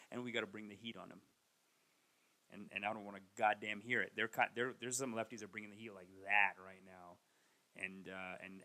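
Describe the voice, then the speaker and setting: A man in his thirties, a comedian, rambling through a casual comedic monologue and mocking people with raised, animated impressions. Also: medium pitch. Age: 30s. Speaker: comedian and podcast host. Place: Toronto.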